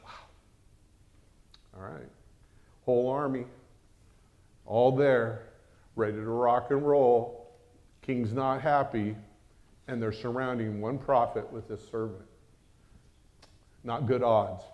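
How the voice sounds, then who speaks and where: A man preaching a sermon in a lively, conversational way, often breaking in with exclamations. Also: mid-range voice, slow pace, pauses often, lo-fi sound.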